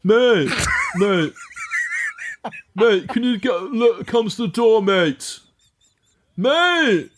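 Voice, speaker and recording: A man's voice: mid-range voice, slow, mellow, voice pushed up, lightly acted. A man mimicking a cocky young male party DJ who calls everyone mate in a drawl. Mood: pleading.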